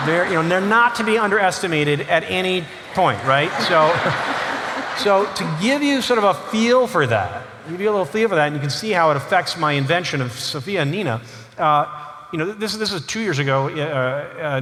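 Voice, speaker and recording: A man giving a humorous storytelling lecture as an author, with animated delivery, chuckling asides and frequent "you know"s. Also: on the high side. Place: large lecture hall. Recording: long hall reverb, faint noise.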